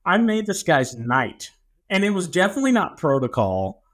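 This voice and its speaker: A young man co-hosting a podcast, telling a story in a casual, animated way and acting out what people said. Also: high-pitched, moderate pace. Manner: animated storyteller, acts out quotes. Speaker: podcast co-host.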